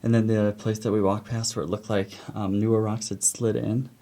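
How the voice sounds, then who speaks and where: A man's voice: on the low side, little pitch movement, brisk, dark tone. A man exploring a cave as a paranormal vlogger, chatty and jokey, sometimes dropping to a whisper. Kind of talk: casual exploring commentary. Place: inside a cave.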